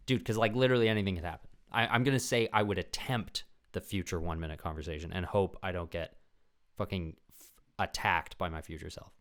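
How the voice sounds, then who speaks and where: A man's voice: deep voice, brisk, fairly bright tone. A young man hosting a podcast in a casual, rambling, profane chat. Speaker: podcast host.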